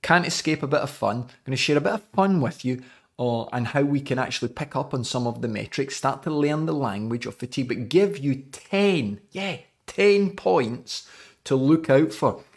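A man's voice: medium pitch, expressive, moderate pace, husky. Scottish man, forties, cycling coach, chatty live podcast, joking with viewers. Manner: jokey and chatty.

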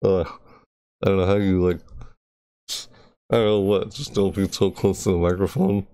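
A man's voice: low voice, fairly even intonation, normal speed, dark tone, dry recording. A young man chatting on a live stream into a close microphone, talkative and rambling, repeating himself as he goes. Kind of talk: casual rambling stream chat. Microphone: close desk microphone.

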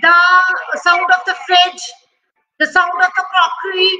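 A woman's voice: extremely high pitch, flat delivery, measured pace, bright, forceful tone, highs cut off. A woman teaching an online class for young children, asking questions, praising answers and imitating animal and vehicle sounds.

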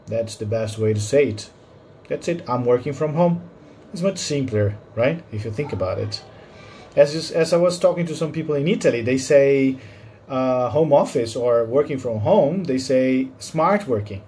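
A man's voice: medium pitch, animated, moderate pace, dark tone, a little hiss or hum. Friendly man teaching a short English lesson. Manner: friendly, explanatory, asks the viewer questions.

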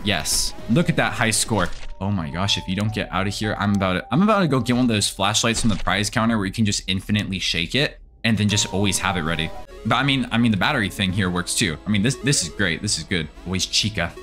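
A man's voice: on the low side, expressive, quick pace, a bit bright, soft background music. Jittery young man playing a scary game. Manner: jittery, nervous, talks to the animatronics and viewers. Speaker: gaming video creator. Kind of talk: casual let's-play commentary.

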